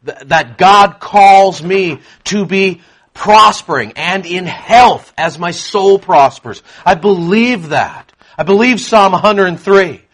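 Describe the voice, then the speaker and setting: A man preaching a sermon to a congregation, emphatic, swinging between quiet asides and loud proclamation. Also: high-pitched, slow. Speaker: pastor.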